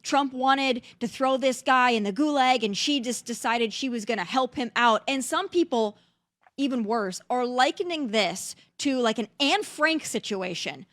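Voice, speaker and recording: A woman's voice: fairly high pitch, animated, measured pace, fairly bright tone, dry recording. A young woman hosting political commentary, talking in an indignant, incredulous way. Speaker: host.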